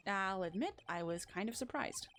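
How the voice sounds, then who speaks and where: A woman's voice: medium pitch, expressive, normal speed, a bit bright, lightly acted. A woman voicing a wry young male defense lawyer in a game, close to her own voice, with a dry, resigned delivery.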